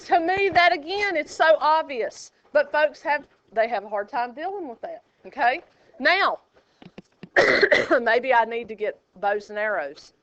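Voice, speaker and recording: A woman teaching a high school math class, chatty and joking, quizzing her students as she goes. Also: big pitch swings, unhurried, fairly bright tone, dull audio. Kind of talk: classroom lecture.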